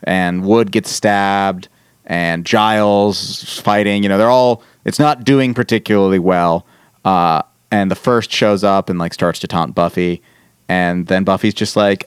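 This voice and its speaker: A man on a casual podcast, retelling a TV episode in animated bursts and quoting the characters as he goes. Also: low voice, a little slow, clean tone, no room sound, clean studio sound. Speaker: podcast host. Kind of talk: casual chat recapping a TV episode.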